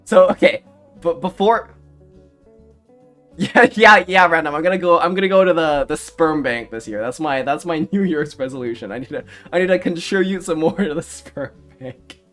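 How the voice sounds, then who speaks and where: A man's voice: fairly high pitch, normal speed, fairly bright tone, faint music behind. A young man streaming live, chatting casually in a rambling, self-mocking way and laughing often. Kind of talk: casual livestream chat.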